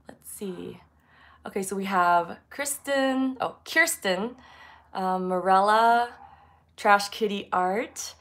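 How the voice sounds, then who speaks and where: A woman's voice: medium pitch, fairly bright tone. A woman hosting a casual livestream from her art studio on her phone, sounding congested from allergies and chatting with lots of fillers. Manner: chatty with frequent fillers and giggles. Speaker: artist livestream host.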